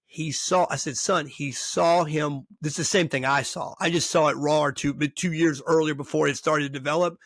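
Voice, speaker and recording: A middle-aged man hosts the talk, a coach spinning long stories and slipping into the voices of players and scouts. His voice sits a bit high with a gravelly edge. The sound is dry and close. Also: fairly quick, few pauses, no echo. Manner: animated storyteller acting out quoted dialogue. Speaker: podcast host and baseball coach. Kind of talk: storytelling in casual interview chat.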